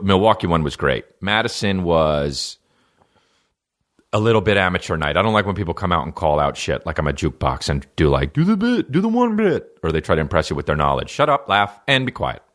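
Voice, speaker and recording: A man's voice: very deep voice, a bit bright. A man from New Jersey, a comedian hosting his podcast, talking in a rambling, playful, profane monologue.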